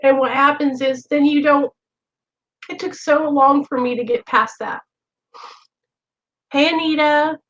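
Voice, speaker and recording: Woman hosting a stream, high voice, heartfelt and emotional, on dull lo-fi audio. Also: steady tone, unhurried, pauses often, fairly bright tone. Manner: emotional, earnest, keeps addressing viewers. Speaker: host of a recovery livestream. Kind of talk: heartfelt direct-to-camera talk. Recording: dull lo-fi recording.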